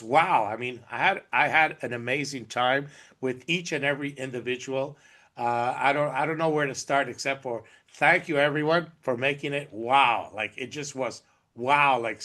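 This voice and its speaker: Bright-voiced excited man hosting a call. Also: fairly high pitch. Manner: exuberant, effusive, laughing. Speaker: host. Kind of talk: online team call recap. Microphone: video call.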